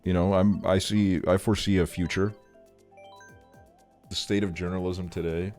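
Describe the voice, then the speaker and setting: A man's voice: low-pitched, flat delivery, normal speed, a little mellow, soft background music. A young man streaming, chatting casually with his viewers, swearing often and sounding exasperated in a joking way. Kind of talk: casual chat.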